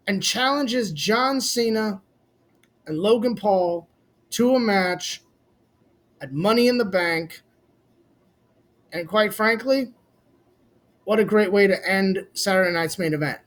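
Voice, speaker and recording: A man's voice: sits high, slow pace, pauses often, fairly bright tone. A man giving a blunt, casual, opinionated recap for his vlog, swearing freely and talking straight to his viewers. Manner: blunt, swears casually, addresses fans as "boys". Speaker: wrestling commentary vlogger.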